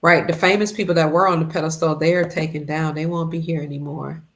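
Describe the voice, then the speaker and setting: A woman's voice: low voice, fairly even intonation, quick pace. A woman hosting a casual livestream, greeting viewers by name and reading their comments, a little congested. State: congested, fasting. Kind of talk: casual live-stream chat.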